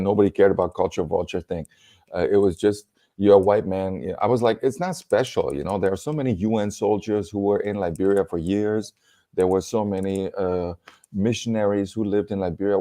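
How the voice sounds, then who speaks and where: Man, German accent, lowish voice, animated storyteller, laughs a lot, video call. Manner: animated, laughs often, acts out quotes. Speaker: comedian and storyteller. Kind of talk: casual storytelling chat.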